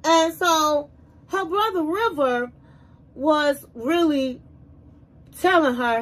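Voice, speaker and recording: A woman reviewer giving a casual, opinionated recap of a reality TV episode in a lively storytelling manner. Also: high-pitched, slow, poor audio. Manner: animated storytelling, conversational and opinionated.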